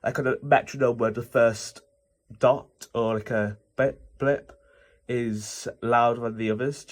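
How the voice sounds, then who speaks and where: A young man with a medium-pitched, darkish voice explains music notation in a casual, informal lesson. He teaches music theory, and he's very animated yet unhurried, rambling loosely with lots of fillers and self-corrections.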